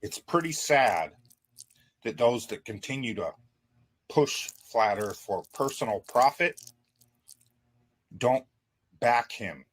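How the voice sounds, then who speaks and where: A man's voice: medium pitch, expressive, takes it slowly, pauses often. A man hosting a show, talking in a sarcastic, emphatic monologue. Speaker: host. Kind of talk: monologue commentary.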